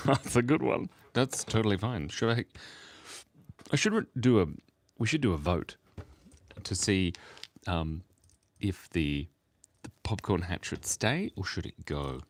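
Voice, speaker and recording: Sleepy in the early morning, a man hosts a casual livestream where he draws for chat, rambling, giggling, joking, and mocking himself as he sketches. His low voice is expressive and measured, with frequent pauses.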